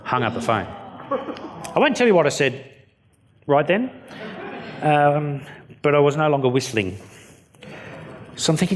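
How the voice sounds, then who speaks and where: An Australian man telling stories from the stage in a keynote talk. His voice sits at a middle pitch, and his delivery is blunt and jokey, with plenty of loose asides. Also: sing-song, normal speed, pauses often. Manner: jokey, blunt, story-driven. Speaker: keynote speaker. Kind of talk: storytelling keynote speech.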